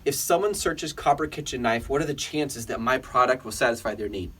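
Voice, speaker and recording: A man teaching an online business tutorial in an energetic, emphatic way, often putting questions to his viewers. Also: medium pitch, a little fast, husky. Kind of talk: screen-recorded tutorial.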